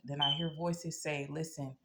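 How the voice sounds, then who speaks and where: Woman host, low and gravelly, blunt casual delivery to camera, checks in with "okay?" constantly. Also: unhurried, very noisy. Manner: tags nearly every sentence with "okay?"; earnest and blunt, telling a personal story. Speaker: spiritual practitioner and channel host.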